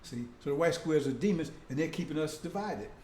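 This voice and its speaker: A man's voice: fairly high pitch, animated, brisk, a little mellow, echoey room, slight background noise. A man preaching a casual, conversational sermon, often breaking in with "see?" and "right?".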